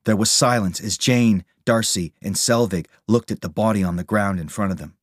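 A man reading a storybook aloud as narrator, steady and measured. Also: fairly low pitch, no echo, clean studio sound.

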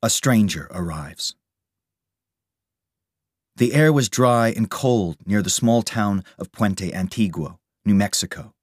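A man reading a storybook aloud as narrator, steady and measured. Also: fairly low pitch, no echo, studio quality.

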